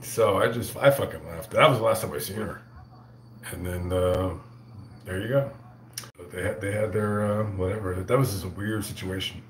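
A man hosting a casual livestream, telling a profane, rambling story full of halting restarts. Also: sits low, fairly even intonation, reverberant, slight background noise. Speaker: livestream host reading super chats.

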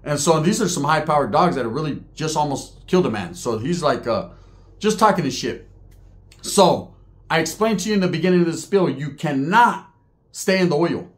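Middle-aged man, storyteller; lively pitch, slangy, slips into others' voices. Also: normal speed. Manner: street slang, animated retelling, mimics other inmates' voices. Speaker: podcast storyteller. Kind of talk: casual storytelling.

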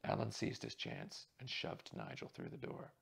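A man quietly reading a mystery novel aloud as narrator. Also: extremely low pitch, wildly swooping pitch, moderate pace, vocal fry, husky. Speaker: reader.

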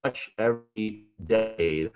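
Guy with a lowish voice doing a chatty livestream art talk, lots of ums, perks up here and there. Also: a little slow, soft background music. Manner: casual, conversational, animated at times, many fillers. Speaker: tour guide presenting an online program.

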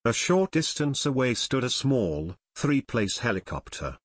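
A man's voice: mid-range voice, unhurried, slightly rough, no echo. Dry, close male audiobook narrator. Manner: steady storytelling. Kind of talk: scripted narration.

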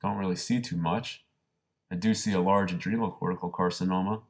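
A man presenting a radiology case, talking through scan findings in a brisk, conversational way. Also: sits low, fairly even intonation, darkish tone. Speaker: radiology lecturer. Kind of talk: case review lecture.

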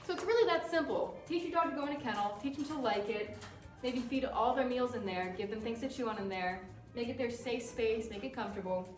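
A woman dog trainer explaining crate training in a calm, firm way while working with a dog. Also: a little high, fairly quick. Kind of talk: instructional demonstration. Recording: roomy sound from a distance with music.

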